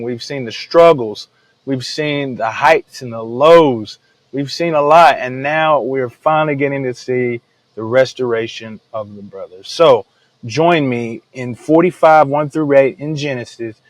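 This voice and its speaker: A man's voice: mid-range voice, unhurried, no room sound, poor audio. A man hosting a daily Bible devotional podcast, retelling scripture in casual everyday speech and often calling listeners "man.". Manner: laid-back, says "man" often, retells the story in everyday slang. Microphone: podcast microphone.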